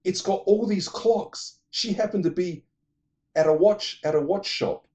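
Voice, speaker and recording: A man casually retelling movie plots in an animated way, adding vocal sound effects. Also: high voice, measured pace. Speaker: movie reviewer.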